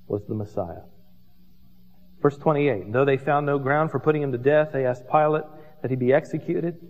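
A man with a high voice delivers a sermon from a church, mixing scripture reading with humorous stories. The recording is dull and muffled, and the long reverb of a large hall trails after his words. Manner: animated storytelling with asides and humor. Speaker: pastor.

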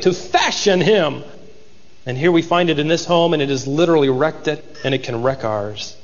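A man's voice: on the high side, big-room sound, lo-fi sound. A married man preaching a sermon, reading scripture aloud dramatically and voicing its characters. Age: adult, married. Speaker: pastor.

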